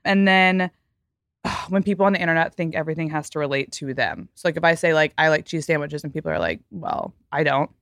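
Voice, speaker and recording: A young woman hosting a casual podcast chat, blunt and animated, acting out little quoted voices. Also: deep voice, fast, no room sound. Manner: animated, mimics others in quoted asides. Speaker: podcast host.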